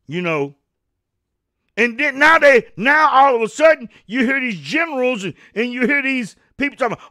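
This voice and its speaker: A man ranting on his own show, voice pitched unusually high and bright. He preaches hard, stumbles over repeated words and breaks into shouts. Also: expressive, moderate pace. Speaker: show host. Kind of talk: political rant monologue.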